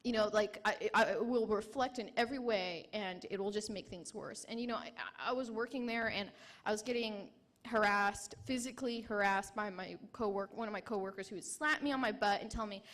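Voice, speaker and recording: A young woman who served in the military gives a personal testimony at a conference, her voice mid-range and fairly bright. She speaks emotionally and haltingly, restarting often.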